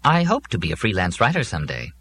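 A man's voice: low-pitched, huge pitch swings, fast, fairly bright tone, breathy edge, full character voice. A man voicing a pedantic, long-winded male robot that lectures with precision. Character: fussy pedantic male robot, wordy and earnest.

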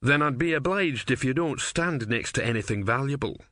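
A man's voice: mid-range voice, expressive, normal speed, sharp tone, dry recording, studio quality. A man voicing a chatty, folksy male barman in a storybook reading, rambling in a matter-of-fact way. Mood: chatty easygoing.

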